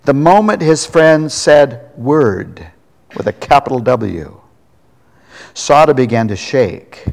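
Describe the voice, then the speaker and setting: A man preaching a sermon as a story, earnest, slowing down to stress key words. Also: medium pitch, animated, vocal fry, a little mellow. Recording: long reverb of a large hall.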